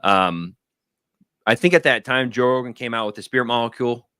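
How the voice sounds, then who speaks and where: Man telling a rambling, lively story. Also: mid-range voice, fairly quick, clear, resonant tone, no room sound, studio quality. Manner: animated, rambling storytelling with acted-out quotes. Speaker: guest. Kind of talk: casual talk on a livestream. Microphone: video call.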